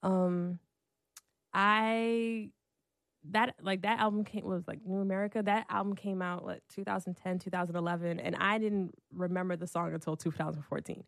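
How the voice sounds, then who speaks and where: A woman's voice: medium pitch, steady tone, moderate pace, gravelly, no echo, studio quality. A woman in her thirties in a casual, heartfelt conversation, chatty, leaning on "like" a lot and laughing often. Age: 30s.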